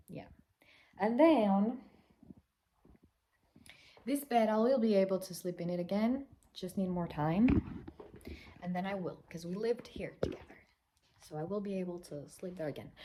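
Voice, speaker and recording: A young woman speaks softly to her camera at home in a casual vlog, pausing often as she talks. Her voice is warm and mellow. A faint hiss sits under the recording. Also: medium pitch, roomy sound. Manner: soft, tearful and halting, with small laughs. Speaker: vlogger.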